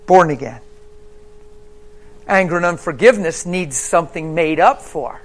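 Emphatic male preacher, fairly high voice. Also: animated, moderate pace. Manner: emphatic storyteller, swings between hushed and loud. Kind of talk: sermon, personal testimony.

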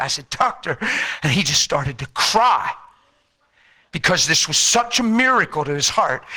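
A man telling an emotional personal faith story in an animated way, repeating words and acting out what people said. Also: fairly high pitch. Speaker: speaker sharing a personal faith testimony.

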